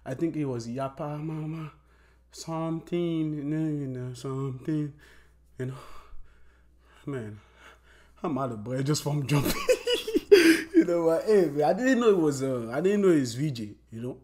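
Excitable man hosting a reaction video. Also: on the high side, normal speed. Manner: excitable, slangy, says "you know what I'm saying" a lot. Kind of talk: casual reaction commentary.

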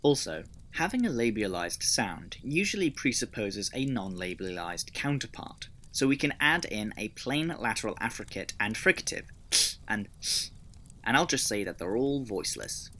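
A man's voice: on the low side, very animated, moderate pace, pushed and bright. A man narrating a scripted lesson on building a constructed language, methodical and explanatory, with dry personal asides. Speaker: conlang video creator.

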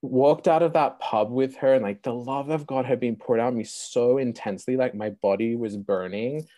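A young man telling his own faith story as an interview guest, animated and full of "like" fillers. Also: mid-range voice, moderate pace, no room sound. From Sydney, Australia. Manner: animated, many "like" fillers, laughs often. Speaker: guest, Christian apologist. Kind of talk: personal testimony storytelling.

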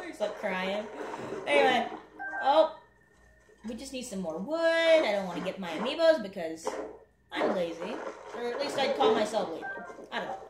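A woman's voice: on the high side, animated, normal speed. A woman casually commentating her gameplay at home, rambling and chatting with the game as she plays. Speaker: gaming channel host. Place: home room. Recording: echoey room with game music. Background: game music.

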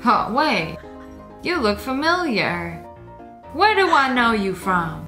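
Lively high-voiced woman reacting with laughter. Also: slow, reverberant, faint music behind. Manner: animated, laughs often, voices animals' thoughts in asides. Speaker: host reacting to videos. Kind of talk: comedic video commentary.

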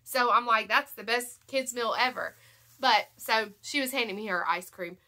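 A young woman with a Southern American accent, congested from allergies, chatting excitedly and rambling through a shopping haul vlog. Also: a little high, moderate pace. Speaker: haul vlogger. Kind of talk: casual chat to camera.

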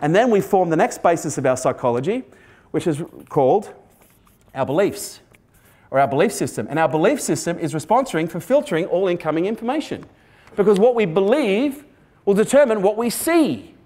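A man's voice: high voice, lively intonation, a little fast, darkish tone. A man giving a motivational keynote, blunt and sweary, quizzing the audience. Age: 40s. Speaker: keynote speaker. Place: stage before a live audience.

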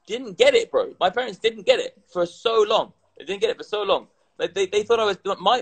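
A slightly high-voiced man talks loosely on a livestream, a little drunk. He swears freely, repeats phrases and runs on in an animated, casual way. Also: rough recording. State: tipsy. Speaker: crypto content creator.

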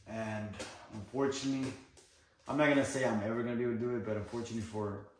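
A man in a casual personal vlog, talking in a downcast, halting way with lots of "you know" fillers. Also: medium pitch, fairly even intonation, slight background noise. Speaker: fitness vlogger. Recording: echoey room, mic far off.

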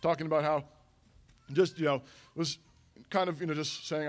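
Higher-voiced man preaching a conversational sermon. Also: fast. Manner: conversational preaching with frequent restarts and repetition. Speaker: pastor. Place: church sanctuary.

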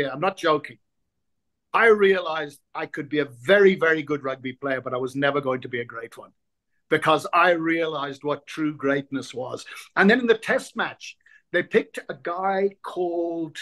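Irish-born guy in his 60s, interview guest telling old sports stories, voice a bit on the high side, does all the voices. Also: normal speed. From Ireland. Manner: lively raconteur, acts out quoted voices, repeats words when reaching for them. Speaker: guest, former rugby player. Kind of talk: anecdotal interview storytelling.

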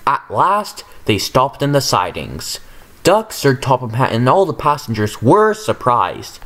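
Expressive man reading a storybook. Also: medium pitch, a little slow. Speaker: narrator. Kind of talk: storybook narration.

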